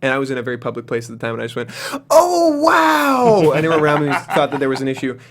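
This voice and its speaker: A man, an actor, spins a comic story about his audition with lively, jokey energy. His voice sits at an ordinary middle pitch. The talk is relaxed studio chat. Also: very fast, crowd noise. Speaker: actor, guest. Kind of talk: casual interview storytelling.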